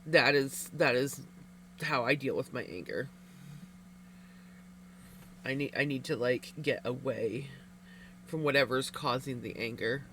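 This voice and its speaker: A woman's voice: rumbling low, unhurried, pauses often, fairly bright tone, a little hiss or hum. A woman livestreamer chatting casually with viewers while knitting, candid and rambling, laughing often.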